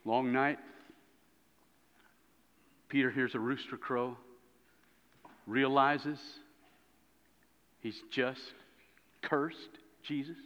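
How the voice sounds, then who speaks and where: A man preaching a sermon as a pastor, telling a story with lively swings between loud and hushed moments. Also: mid-range voice, very slow, long pauses. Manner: animated storytelling, dropping to hushed tones. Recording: dull lo-fi sound in a reverberant hall.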